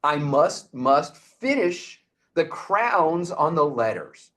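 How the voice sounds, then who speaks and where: Retold-tale voice: man doing an easygoing, patient God, slow and lilting. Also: a little high, sing-song, fairly bright tone, full character voice. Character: calm, unhurried God, male.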